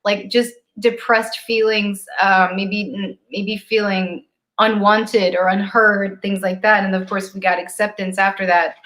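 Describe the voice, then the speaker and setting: A woman co-hosting a spiritual live stream in a casual, animated chat, acting out her own stories and laughing easily at herself, heard over a video call. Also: medium pitch, measured pace. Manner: animated storyteller, acts out her own frustration.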